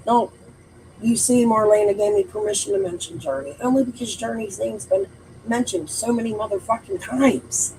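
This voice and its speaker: A woman's voice: on the high side, moderate pace, dark tone, a little hiss or hum, rough recording. A woman hosting a true crime livestream, talking casually in a blunt, emphatic way and swearing often. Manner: blunt, heavily profane, emphatic. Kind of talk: casual chat.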